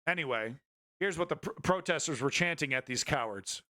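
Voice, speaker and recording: A man talks through news clips on his stream in a loose, rambling way. He is blunt and swears freely. His voice sits a little high, and his tone is bright and forceful. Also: animated, a little fast. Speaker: news commentary host. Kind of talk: casual political commentary stream.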